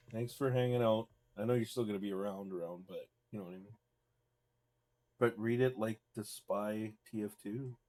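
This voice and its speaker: A man's voice: fairly low pitch, darkish tone. A young man, chatting casually while streaming a game live and reading chat aloud. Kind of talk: live gameplay commentary.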